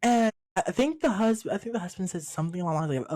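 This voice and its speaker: A co-host of a film review show, recapping a movie in casual, animated chat full of fillers. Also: mid-range voice, quick pace. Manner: animated storytelling with many fillers.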